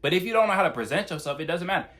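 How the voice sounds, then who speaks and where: A young man delivers a casual, fast-paced monologue to camera, blunt and heavy on profanity as he gives dating advice. His voice sits a little high for a man, and his pitch swings widely and animatedly from phrase to phrase. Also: lively intonation, fairly bright tone. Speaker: YouTuber giving dating advice.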